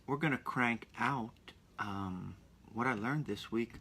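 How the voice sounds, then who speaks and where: A man's voice: mid-range voice, measured pace, sharp tone, breathy edge. A man hosting his own podcast, rambling in a casual solo chat full of asides and restarts. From Pennsylvania. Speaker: podcast host.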